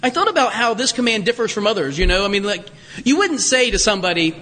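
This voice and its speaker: A male pastor delivers a sermon in a high, swooping voice. His tone is bright and lively, mixing humor and asides with teaching. The sound carries a long reverb from a church sanctuary. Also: quick pace. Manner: animated storytelling with humor and asides.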